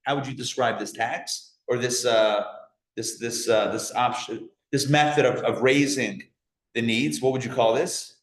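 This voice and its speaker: A man teaching a live class as a rabbi, animated, asking the audience questions and joking along the way. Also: mid-range voice, a little slow. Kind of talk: lively live lecture. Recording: echoey room.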